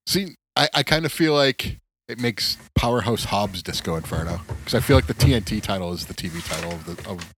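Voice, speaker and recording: A man's voice: on the low side, expressive, fairly quick, a bit bright, breathy edge. A man co-hosting a podcast from a remote setup, chatting casually and rambling with lots of filler words. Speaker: podcast co-host. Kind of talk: casual chat. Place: recording remotely.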